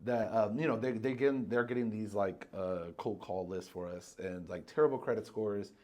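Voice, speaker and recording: Animated storytelling man, podcast co-host. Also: fairly low pitch, moderate pace. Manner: animated, acts out quoted voices, swears freely. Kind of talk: casual storytelling chat.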